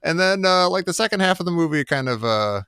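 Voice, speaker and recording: A man in casual podcast banter who rambles along and keeps cutting himself off. His voice is smooth and clear, swinging widely in pitch. The room around him sounds dry and close. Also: brisk, no echo. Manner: rambling, self-interrupting, animated. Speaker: podcast co-host. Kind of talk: casual chat.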